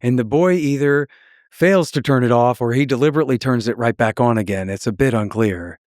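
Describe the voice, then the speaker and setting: Animated man telling a heated story. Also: mid-range voice, a little fast, no room sound, clean studio sound. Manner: animated, mocking, acts out quoted voices. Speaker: podcast guest.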